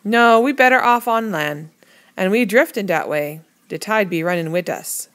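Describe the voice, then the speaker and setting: A woman voicing an old West Indian sailor with a Caribbean accent, speaking in dialect, booming when angry and soft when calm. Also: moderate pace, dry recording. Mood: cheerful. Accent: put-on Caribbean English.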